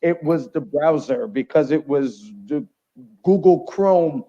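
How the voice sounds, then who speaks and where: A man's voice: fairly high pitch, animated, slow, mellow, highs cut off. A man from Canada, a guest rapper, chatting casually over a video call and laughing easily.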